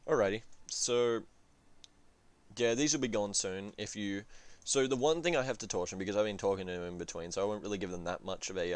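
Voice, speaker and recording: A man's voice: deep voice, dry recording. A man casually reviewing a strategy game campaign, rambling and swearing, with lots of fillers and restarts. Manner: rambling, profane, full of fillers and self-corrections.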